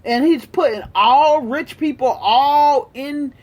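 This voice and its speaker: A woman's voice: high voice, slow pace, darkish tone. A woman delivering a heated, profane political rant, repeating her points with emphasis. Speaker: political commentator.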